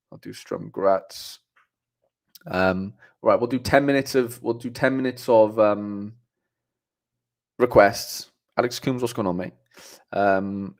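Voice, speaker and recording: A young man hosts a live stream on his own and chats through viewer comments. His voice sits a little low. He talks in a loose, rambling way, full of fillers and restarts. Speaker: livestream host.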